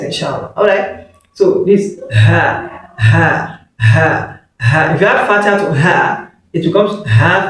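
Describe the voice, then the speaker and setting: Brief: male teacher, fairly high voice, drills sounds by repetition, far from the mic in a booming room. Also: heavy reverb. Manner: repeats each sound slowly, drilling. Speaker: Arabic teacher. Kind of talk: online lesson.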